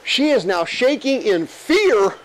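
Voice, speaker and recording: A male pastor preaching an animated, emphatic sermon full of rhetorical questions and jokes. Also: very high-pitched, takes it slowly, poor audio.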